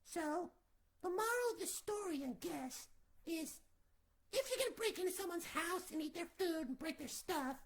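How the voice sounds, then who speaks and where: A woman's voice: very high voice, lively intonation, moderate pace. A woman telling a fairy tale as a comic, improvised retelling in an offhand, giggly way with crude jokes. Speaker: storyteller.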